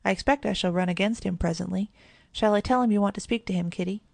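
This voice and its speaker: A woman voicing a proud, cheerful schoolboy brother in a storybook, speaking briskly. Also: medium pitch, gravelly, a little mellow, dry recording. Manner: brisk, explaining.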